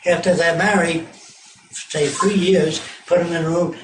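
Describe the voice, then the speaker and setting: A man's voice: on the high side, flat delivery, unhurried. An older man giving an informal public talk on tour, blunt, profane and sardonic. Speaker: lecturer on tour. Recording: echoey hall from far off, noisy.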